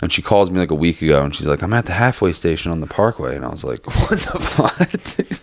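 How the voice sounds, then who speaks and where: A man's voice: animated, fast talker, creaky, a little mellow, no echo. A young man, co-hosting a podcast in loose, profane chat full of "like" fillers. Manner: acts out quoted voices in a much higher pitch. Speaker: podcast co-host. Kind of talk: casual chat.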